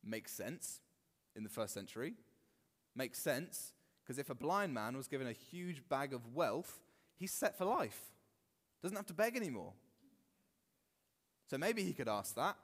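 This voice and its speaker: Animated male preacher in a reverberant hall. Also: medium pitch, a little slow. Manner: animated, acts out quoted voices. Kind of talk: sermon. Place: church hall.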